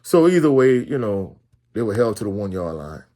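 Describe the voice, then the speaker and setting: A man, speaking in a lowish voice. He gives a blunt, casual postgame football reaction. He fills his talk with "you know" and rambling restarts. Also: sing-song, normal speed, warm tone. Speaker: sports commentator.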